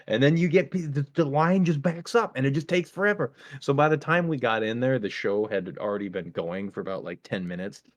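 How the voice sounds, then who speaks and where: Animated ranting man on a casual podcast. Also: fairly high pitch, brisk, few pauses. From American Midwest. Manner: animated ranting, voice jumps up when angry. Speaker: podcast co-host. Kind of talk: casual solo podcast chat.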